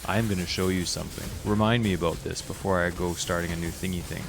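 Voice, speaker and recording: A man chatting casually while playing a video game, curious and thinking out loud, with bursts of giggling. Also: low voice, steady tone, fast talker, vocal fry, background noise. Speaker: gaming streamer. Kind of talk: casual gameplay commentary.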